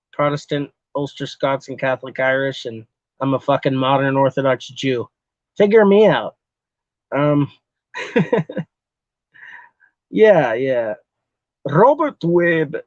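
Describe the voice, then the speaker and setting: A man's voice: fairly high pitch, no echo, highs cut off. A man from Texas chatting casually on a live stream, answering his chat in a loose, rambling way, swearing a lot and laughing often.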